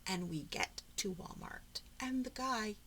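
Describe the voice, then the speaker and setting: A woman vlogging as she flips through her craft journal, chatting in a rambling, talkative way with frequent soft murmured asides. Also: mid-range voice, expressive, unhurried, a little hiss or hum. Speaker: papercraft vlogger. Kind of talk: casual chatty narration during a journal flip-through.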